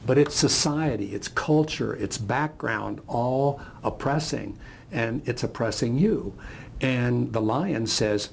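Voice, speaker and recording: An older man gives a reflective motivational talk and unfolds a parable as he goes. His voice is gravelly and rough. The pitch sits in the middle. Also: slow, slight background noise. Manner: reflective, storytelling. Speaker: speaker.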